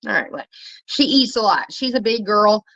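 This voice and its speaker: Solo woman vlogger, blunt cussing rant, pitch jumps when heated, muffled lo-fi sound. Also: animated, moderate pace, a bit bright. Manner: blunt, profane, rambling, rising pitch when worked up. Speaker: commentary vlogger. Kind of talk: casual ranting commentary.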